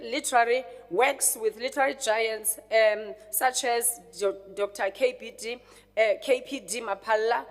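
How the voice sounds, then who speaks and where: A woman, a government official, reading a formal budget speech to a legislature in a measured way, with some hesitations over names. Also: fairly high pitch. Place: legislature chamber. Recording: long reverb of a large chamber.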